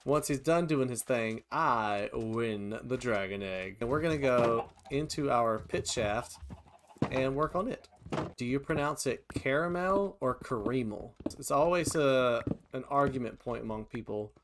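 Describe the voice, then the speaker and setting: A man hosting a video game let's play, chatting casually and often bursting into high-pitched shouts and laughter. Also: unhurried, noisy background. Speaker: gaming channel host.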